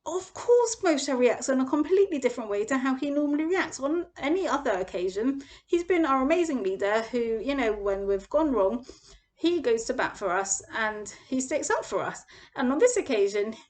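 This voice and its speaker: A young woman, teaching a weekly Torah portion lesson and acting out the quoted voices with big swings. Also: normal speed. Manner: animated storytelling, acts out quoted voices with big pitch jumps. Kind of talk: expressive parsha lesson.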